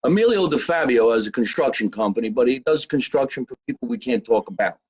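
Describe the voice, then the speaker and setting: A man's voice: mid-range voice, expressive, quick pace, a little mellow, husky. A man hosting a casual live podcast, joking loosely and reading viewer comments aloud. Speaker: podcast host. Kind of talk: casual live show chat. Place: basement at home.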